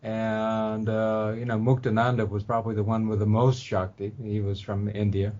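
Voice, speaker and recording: Man talking slowly, full of uhs, lo-fi. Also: fairly low pitch, level tone. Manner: unhurried, many ums and uhs, soft laughs. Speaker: guest spiritual teacher. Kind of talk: relaxed interview talk. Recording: dull lo-fi audio.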